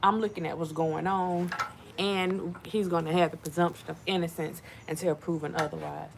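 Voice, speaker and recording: A woman giving casual commentary to her viewers, animated and repetitive, talking to them as y'all. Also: fairly low pitch, normal speed, gravelly, noisy background. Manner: animated, repeats herself, addresses viewers as y'all. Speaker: channel host.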